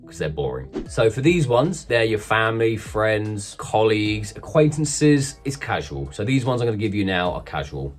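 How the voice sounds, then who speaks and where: A man's voice: on the low side, expressive, normal speed, hardly any pauses, faint music behind. A man talking casually to camera, giving social tips in a chatty, emphatic way. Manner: chatty, emphatic, acts out bland small talk.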